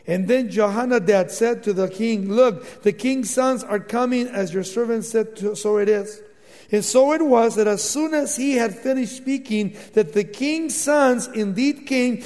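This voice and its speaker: A man preaching through a scripture passage, retelling it in his own words, acting out the quotes and dropping to a hushed, intense voice for emphasis. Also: high-pitched. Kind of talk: expository sermon, paraphrasing scripture. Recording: long hall reverb.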